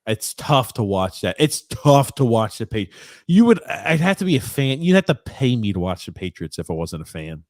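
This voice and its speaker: A man's voice: medium pitch, sing-song, moderate pace, darkish tone, no echo, studio quality. A man co-hosting a casual sports podcast, teasing his partner and laughing often as he talks. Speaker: podcast co-host.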